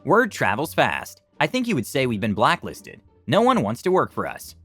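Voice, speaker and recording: A man's voice: mid-range voice, wildly swooping pitch, moderate pace, a bit bright, no room sound, soft background music. A man reading reader-submitted stories aloud as scripted narration.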